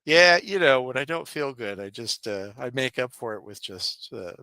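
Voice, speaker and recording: Animated, laughing male storyteller. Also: moderate pace, clear, resonant tone, no room sound. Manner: animated storyteller, laughs often, acts out coworkers in higher voices. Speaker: podcast co-host. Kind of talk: casual chat, storytelling.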